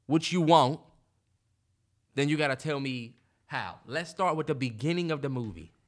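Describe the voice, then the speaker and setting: A man's voice: fairly high pitch, normal speed. A man co-hosting a podcast in casual chat, talking animatedly and emphatically with lots of slang and filler ums. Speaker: podcast co-host.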